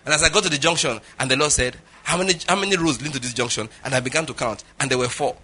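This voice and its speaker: A man's voice: mid-range voice, rapid-fire, sharp tone. A middle-aged man preaching a sermon, telling stories with jokes and Pidgin asides. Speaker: pastor.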